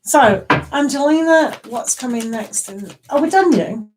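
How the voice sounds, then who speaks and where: A woman's voice: high-pitched, lively intonation, measured pace, far from the mic, rough recording. A woman giving live tarot readings in a chatty, giggly way, with many ums and restarts. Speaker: tarot reader.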